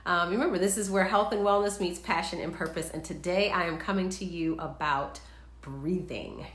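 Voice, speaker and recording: A woman's voice: on the low side, moderate pace, fairly bright tone, echoey room. A woman hosting a live wellness show, chatting upbeat and walking viewers through breathing exercises. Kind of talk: live-streamed instructional talk.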